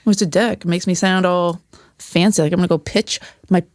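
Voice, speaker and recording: A woman's voice: fairly low pitch, steady tone, fairly quick, darkish tone, no echo. A woman talking as a podcast guest and former teacher, candid and profane, acting out the voices of people she quotes. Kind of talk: casual conversation.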